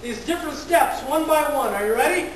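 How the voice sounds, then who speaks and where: A woman pastor preaches in a relaxed, conversational way, stumbling over repeated words and tossing questions to her listeners. Her high voice comes from a distance and rings through a big, echoey church. A faint hiss sits underneath. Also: brisk. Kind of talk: conversational sermon. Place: large echoey church hall. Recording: very echoey church hall from far off.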